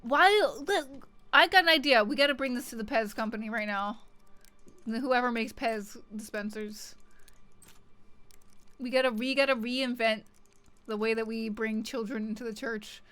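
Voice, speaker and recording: A woman streaming live, talking casually to her chat as she plays. Her voice is fairly high, and she rambles from topic to topic with irreverent jokes and loose swearing. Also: steady tone, moderate pace, long pauses, fairly bright tone, smooth.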